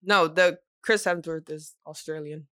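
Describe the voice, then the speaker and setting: A woman co-hosting a podcast, chatting casually in an expressive, playful, teasing way. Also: low voice, unhurried, no room sound, studio quality. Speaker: podcast co-host. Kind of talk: casual chat.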